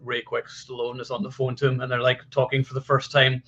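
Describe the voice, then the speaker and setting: A man's voice: medium pitch, fairly quick. Chatty man on dull lo-fi audio. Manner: animated storyteller, hedging fillers like "uh" and "like". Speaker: podcast co-host. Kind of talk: casual film discussion.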